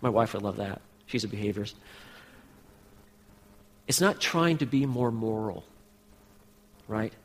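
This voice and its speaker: A man's voice: lowish voice, expressive, a little slow, long pauses, long reverb tail. A man pastor preaching a sermon, speaking earnestly and directly to his congregation.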